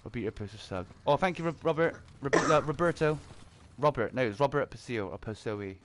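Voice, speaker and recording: A man streaming a game on a headset, giving viewer shoutouts and bantering excitably with teammates, swearing now and then. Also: medium pitch, fast, a little hiss or hum. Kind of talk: casual gaming chat with viewer shoutouts.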